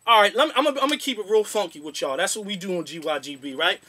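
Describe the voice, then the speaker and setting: A man's voice: high-pitched, animated, rapid-fire, bright, forceful tone. A young man hosting a boxing show, giving a casual, slangy, rambling rant.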